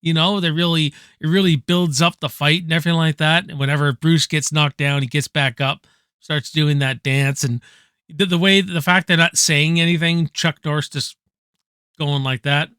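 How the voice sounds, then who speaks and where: A man casually ranking favorite movies, rambling excitedly, swearing freely and tossing in "man" at every turn. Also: on the high side, moderate pace, clear, resonant tone, no echo, studio quality. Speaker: movie reviewer. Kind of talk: casual enthusiastic movie countdown.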